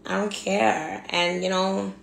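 A woman's voice: mid-range voice, little pitch movement, slow, gravelly. A woman venting in a blunt, profane monologue, repeating herself for emphasis. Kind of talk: angry monologue rant. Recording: echoey room, faint background hum.

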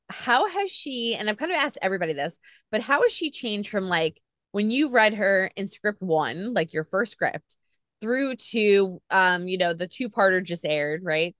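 A woman's voice: mid-range voice, fairly bright tone, no echo, studio quality. A woman interviewer who asks long, chatty questions full of "like" and laughs easily. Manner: chatty, upbeat, many "like" fillers. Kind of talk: casual interview chat.

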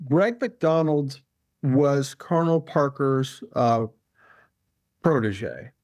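A man's voice: medium pitch, a little mellow, dry recording, studio quality. A male author, a guest in an interview, telling a long anecdote casually with many fillers and restarts.

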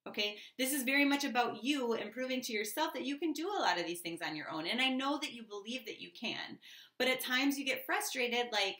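A woman's voice: a little high, animated, brisk, sharp tone. A woman giving a casual tarot reading to the camera, chatty and loose with lots of fillers and asides. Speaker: tarot reader. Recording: echoey room.

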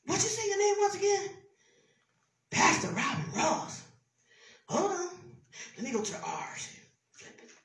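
Woman playing a calm, hushed God. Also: very high voice, a little slow, long pauses, voice pushed up, heavily acted. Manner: quiet, puzzled, hushed. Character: calm God checking the Book of Life. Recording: echoey church from far off.

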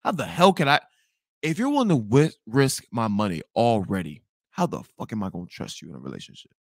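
A young man hosting a podcast, telling a storytime tale in a loud, profane way that swings between outbursts and mutters. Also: fairly low pitch, big pitch swings, a little fast, vocal fry, no echo, studio quality. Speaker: podcast host. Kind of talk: storytime monologue.

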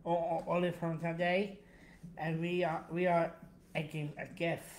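Soft, halting young man, high voice. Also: little pitch movement, echoey room, a little hiss or hum. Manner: halting, repeats words, soft-spoken. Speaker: co-host. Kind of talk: casual chat.

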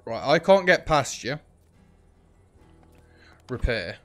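A man's voice: medium pitch, measured pace, long pauses, soft background music. A man hosting a let's play, thinking aloud in casual gameplay commentary. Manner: chatty, thinks aloud while playing, frequent ums.

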